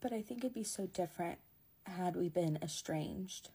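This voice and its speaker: A young woman telling a personal story in a soft, often near-whispered and emotional voice. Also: fairly low pitch, normal speed, breathy edge.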